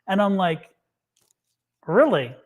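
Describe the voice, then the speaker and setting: A man in casual chat, telling an animated story and acting out what people said. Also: sits high, takes it slowly. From United States. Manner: animated storyteller, acts out quotes. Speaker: psychic reader and co-host.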